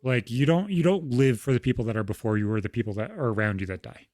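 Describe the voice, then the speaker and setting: A man's voice: medium pitch, fast talker, darkish tone, no room sound, studio quality. A young man on a podcast, talking frankly and swearing constantly as he tells stories from home. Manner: frank, heavy swearing, storytelling. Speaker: podcast co-host. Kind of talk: casual podcast conversation.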